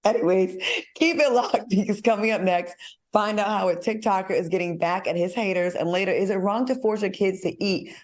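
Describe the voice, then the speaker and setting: A woman's voice: medium pitch, brisk, a little mellow. A woman hosting a talk show, bantering in a sassy, blunt and playful way with her co-hosts.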